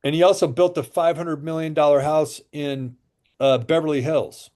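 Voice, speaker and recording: A water machine seller appears as a guest in a casual interview, animatedly telling sales stories and acting out what people said. His voice is on the high side, at a moderate pace.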